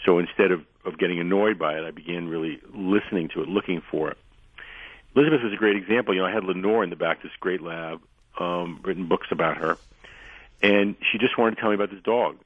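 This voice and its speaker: A man guest on a radio show telling long anecdotes in a rambling way, losing his voice and clearing his throat often. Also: low-pitched, fast talker, dry recording. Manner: rambling anecdotal storyteller, frequent restarts. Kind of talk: radio interview, storytelling. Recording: dry narrow phone-line sound.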